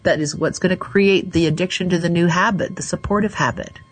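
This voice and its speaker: Woman radio host, coaching callers, slow soothing delivery, lowish pitch, husky tone. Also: steady tone, rough recording. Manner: slow, soothing, guides affirmations.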